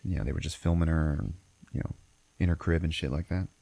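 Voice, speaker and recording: A man's voice: very deep voice, fast talker, vocal fry, mellow, no echo. A man hosting a podcast, recapping a movie in a rambling, profane, casual way. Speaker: podcast host.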